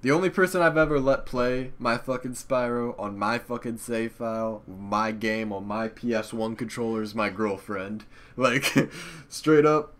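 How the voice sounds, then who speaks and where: A man's voice: medium pitch, measured pace, fairly bright tone. A young man, a YouTuber, rambling casually and profanely about old channels, laughing often. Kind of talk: casual nostalgic commentary.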